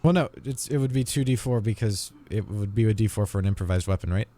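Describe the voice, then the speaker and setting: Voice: medium pitch, quick pace, mellow. A player in a tabletop game calling out dice rolls and checking the rules hesitantly.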